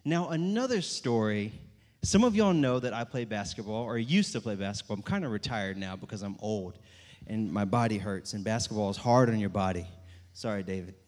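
A young man telling funny stories to a live audience in a church setting, animated and self-mocking as he acts out what people said. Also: on the low side, brisk. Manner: animated, self-mocking storyteller acting out quotes. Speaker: church speaker. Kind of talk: storytelling talk to a live audience. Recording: long hall reverb.

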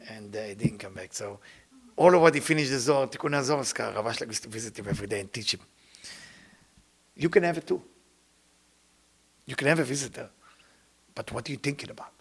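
Gravelly, animated male spiritual teacher. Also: medium pitch, a little fast, pauses often. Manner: non-native English grammar, animated, swings between loud and hushed. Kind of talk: spiritual lecture.

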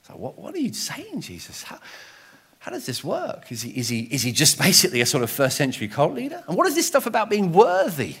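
A middle-aged man preaching a sermon in an animated, conversational way, often restarting and adding asides. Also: fairly high pitch, a little fast, slightly rough.

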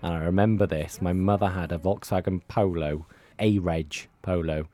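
A deep-voiced man talks casually in a radio studio interview. He rambles and doubles back on his words as he tells stories. The sound is close and dry. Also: fairly even intonation, normal speed, dark tone, dry recording, faint music behind. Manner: chatty, rambling with many repeated words. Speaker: hospital radio presenter.

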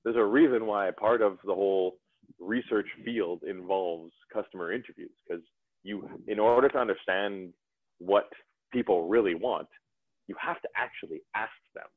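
A man with a fairly low voice talks loosely and with energy, often restarting his sentences. The sound is dry and narrow, like a phone line. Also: normal speed, no echo. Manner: animated, rambling with restarts. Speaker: podcast guest. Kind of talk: casual conversation.

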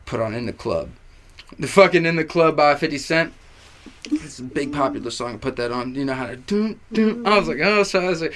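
A young man with a slightly high voice tells a story as a guest on a casual podcast. He is animated and foul-mouthed, and his delivery jumps around and is full of fillers. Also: brisk.

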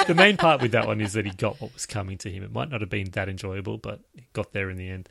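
A man with a low, gravelly voice, heard dry and close. He co-hosts a book club chat and delivers his lines wryly and playfully. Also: a little fast, bright, forceful tone, no room sound. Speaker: book club podcast co-host. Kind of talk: casual chat with a comic rating scale.

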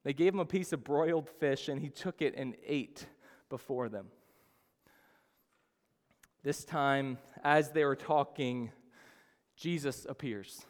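A man preaching a sermon as a pastor, telling the story with sudden rises in pitch and volume. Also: takes it slowly, long pauses. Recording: long hall reverb.

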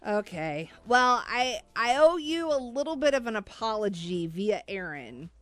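Woman telling a story on a chat show, kinda high voice, laughing a lot, dry close sound. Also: measured pace, no echo. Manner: animated, laughing, pleading.

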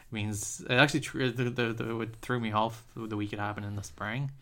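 A man co-hosting a podcast in casual chat, blunt and opinionated, often cutting in with quick retorts. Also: fairly low pitch, flat delivery, a bit bright. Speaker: podcast co-host.

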